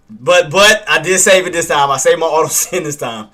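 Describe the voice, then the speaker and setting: A man's voice: on the high side, expressive, a little slow, pushed and bright. A man doing casual live trading commentary, who swears at himself and keeps talking himself down. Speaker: day trader streaming live commentary.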